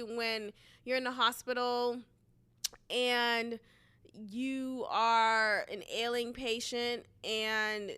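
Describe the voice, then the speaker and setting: This solo podcast is hosted by a young Bostonian woman whose bright, forceful, fairly high voice comes through cleanly. She talks in a chatty, casual monologue loaded with fillers and asides.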